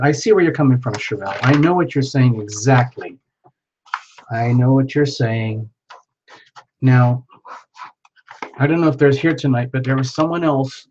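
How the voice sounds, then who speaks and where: A man with a mid-range, darkish voice hosts a live tarot reading stream, chatting with viewers, reading their names aloud, and talking to himself along the way. The audio sounds dull and lo-fi, with faint background noise.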